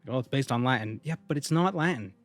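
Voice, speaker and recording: Soft music plays behind a man streaming a game, his medium-pitched voice fast and animated. It's casual live-stream chat, with him reading out what viewers write and then answering.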